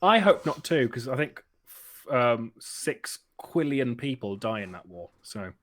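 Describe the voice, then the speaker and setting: Man, podcast regular, lively pitch, jokey, cuts in often. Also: a little slow. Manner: animated, jokey, interrupts. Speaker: podcast host. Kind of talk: casual pub chat.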